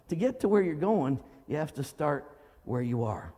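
A male pastor preaching a sermon in a church hall, dramatic, swinging from loud cries to low murmurs. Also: expressive, fairly quick.

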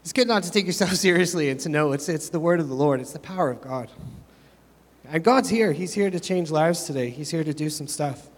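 A middle-aged pastor preaches a sermon in a fairly high, brisk voice, chatty and self-mocking as he rambles from one joke to the next. It was recorded in a church hall with plenty of reverb.

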